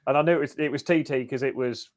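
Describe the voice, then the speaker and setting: Man, podcast guest, casual chat, wry dry humour, medium pitch. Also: quick pace.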